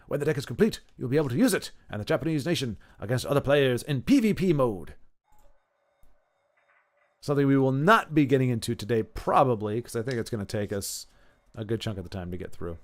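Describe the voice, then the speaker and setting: A man giving casual, chatty commentary while playing a card game, thinking aloud and going off on tangents. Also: mid-range voice. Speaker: gaming YouTuber.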